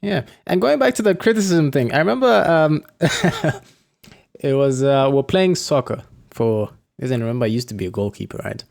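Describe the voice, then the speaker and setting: A man hosting a casual podcast chat, telling stories with lively acted-out quotes and frequent laughs. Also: on the high side, moderate pace, creaky. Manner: animated storyteller, acts out quotes, laughs often. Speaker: podcast host and flight instructor.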